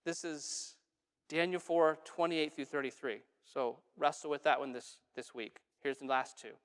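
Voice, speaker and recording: A pastor delivers a sermon in a casual, conversational manner, putting questions to the congregation and dropping in asides. The voice sits at a middle pitch, and a long reverb trails off the sanctuary walls. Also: moderate pace, smooth. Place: church sanctuary.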